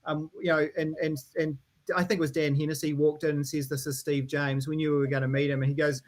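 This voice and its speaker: A man's voice: fairly high pitch, flat delivery, fast. A man, a band member telling a laughing, rambling studio story and mimicking voices. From New Zealand. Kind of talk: casual storytelling interview.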